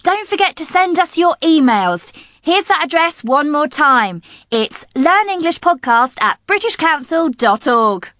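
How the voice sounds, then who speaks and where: High bright-voiced woman podcast host. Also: sing-song, unhurried, dry recording, clean studio sound. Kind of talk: scripted podcast chat for learners.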